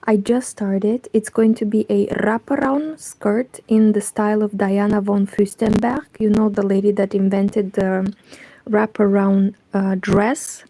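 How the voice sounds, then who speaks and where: A woman talks in a low, hushed half-whisper as she live-streams from home, taking her time over each phrase. Her voice is mellow and dark, with a gravelly texture. The sound is dry and close. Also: level tone, a little slow, no echo, low-quality recording. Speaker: crochet vlogger. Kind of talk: quiet live-stream chat.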